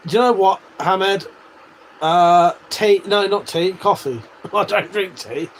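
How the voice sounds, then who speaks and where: A man's voice: high-pitched, slow pace, slight background noise. An English man in his forties chatting casually on a live stream, reading out viewer comments, laughing and swearing as he banters. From England. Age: 40s.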